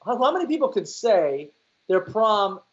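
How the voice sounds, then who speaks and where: A man's voice: high voice, sing-song, moderate pace. A man hosting a comedy talk show, chatting casually with guests and reading out viewer letters. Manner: easygoing, reads out viewer letters. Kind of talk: casual panel chat. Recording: dull lo-fi audio.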